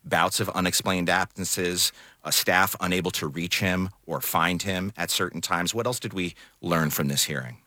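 A deep-voiced man hosts a radio news talk show, his tone bright and forward. He questions his guests earnestly and sometimes stumbles into restarts. The studio sound is close and dry. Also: normal speed, dry recording. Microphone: studio microphone.

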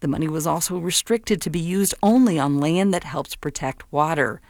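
A woman reporter reading a measured news report. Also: low voice, darkish tone, dry recording, studio quality.

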